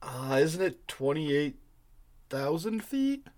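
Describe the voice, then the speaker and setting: A man's voice: on the high side, very animated, slow pace, darkish tone. A man co-hosting a casual podcast chat, who mostly reacts briefly and throws in dry, sarcastic quips. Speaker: podcast co-host.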